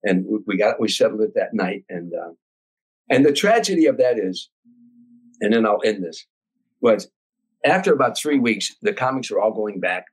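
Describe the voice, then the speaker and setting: An older man from Chicago, a comedian telling a long anecdote as a podcast guest, animated and acting out voices and sounds. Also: fairly low pitch, moderate pace, long pauses, breathy edge, rough recording. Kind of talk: storytelling anecdote.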